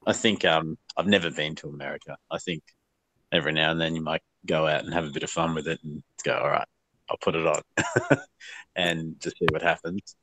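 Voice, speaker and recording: Australian man, very low voice, easygoing, laughs a lot, casual guest chat, dry sound. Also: steady tone, a little fast, bright, forceful tone, dry recording, rough recording. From Melbourne, Australia.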